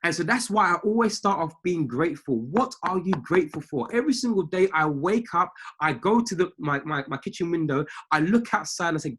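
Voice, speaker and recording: A man's voice: on the high side, lively intonation, brisk, few pauses, a bit bright, slightly rough. A man coaching traders on a live call from a family home, preaching in an emphatic way and repeating his key phrases. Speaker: trading mindset coach.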